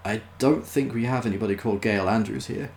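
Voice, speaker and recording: A man's voice: fairly low pitch, a little fast, a little mellow, a little hiss or hum, natural voice. A man doing a plodding hotel receptionist. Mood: plodding helpful. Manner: plodding, repeats himself.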